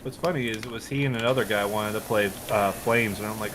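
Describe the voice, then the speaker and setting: A man's voice: on the low side, lively intonation, fast, a little hiss or hum, poor audio. A man on a co-op game stream telling a long, exasperated story in casual chat, swearing freely and restarting his sentences.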